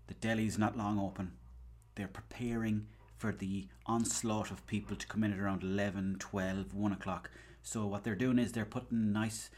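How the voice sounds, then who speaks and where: A man's voice: on the low side, a little mellow. An Irish man hosting a podcast, rambling through a comic story, swearing and acting out bits of dialogue. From Ireland. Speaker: podcast host. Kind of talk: casual comedic monologue.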